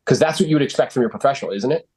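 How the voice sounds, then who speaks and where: A man's voice: mid-range voice, very fast, a little mellow, husky. A man coaching real estate agents on sales calls, blunt and confident, swearing freely and using lots of fillers.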